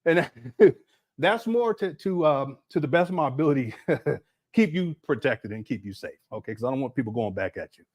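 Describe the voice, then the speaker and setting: A man's voice: mid-range voice, expressive, moderate pace, a little mellow. A man hosting a livestream, commenting casually and mockingly while laughing often. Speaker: livestream host.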